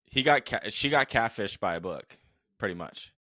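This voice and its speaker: A man's voice: lowish voice, lively intonation, moderate pace, bright, forceful tone, dry recording. A man co-hosting a casual movie podcast, joking and bluntly profane. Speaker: podcast co-host.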